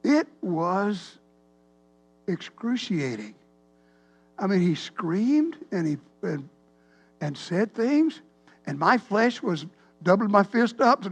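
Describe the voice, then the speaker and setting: A man, a pastor telling a rambling, animated story in a sermon. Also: high voice, slow, long pauses. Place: church sanctuary.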